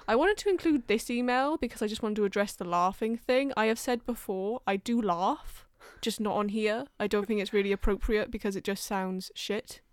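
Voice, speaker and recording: A woman's voice: mid-range voice, moderate pace, hardly any pauses, clean tone, no echo. Dry, blunt woman with a Welsh-English accent. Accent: mix of Welsh and English. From London. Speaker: podcast co-host. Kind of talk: casual podcast banter.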